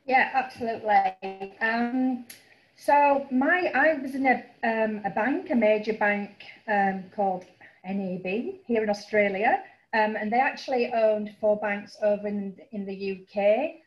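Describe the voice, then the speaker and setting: A middle-aged woman with a Yorkshire accent, a finance broker talking casually about her background, with frequent ums. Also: mid-range voice. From northern England. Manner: chatty, frequent um fillers, quick asides. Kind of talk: casual webinar presentation. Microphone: video call. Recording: roomy, dull lo-fi call audio.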